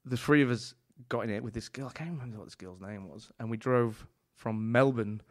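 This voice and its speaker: A man, a chef and podcast guest telling animated anecdotes in a casual chat, full of swearing and restarts. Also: medium pitch, brisk.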